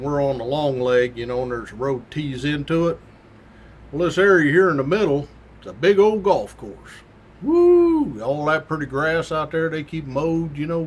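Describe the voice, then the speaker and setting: A former state trooper telling a story from his patrol days in a folksy, slangy way. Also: a little high. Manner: folksy, colorful, down-home slang. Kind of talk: casual anecdotal storytelling.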